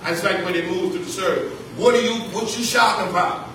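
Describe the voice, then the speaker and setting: High, bright-voiced preacher in an echoing church. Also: male voice, quick pace. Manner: fervent preaching, repeating key phrases, calling out to the congregation. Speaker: pastor. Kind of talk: sermon. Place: church sanctuary. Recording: echoey church hall, distant mic, faint noise.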